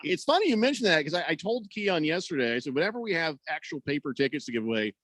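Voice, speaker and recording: A man's voice: a little high, sing-song, fast talker, a bit bright, no echo. A man hosting sports talk radio in a studio, joking around and reading out listener comments. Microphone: studio microphone.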